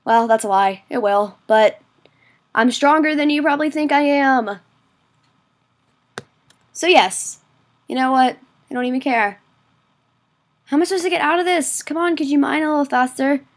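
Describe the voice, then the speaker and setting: A woman giving casual gameplay commentary, excitable and quick to exclaim, often mocking herself. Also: high-pitched. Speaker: gaming video creator.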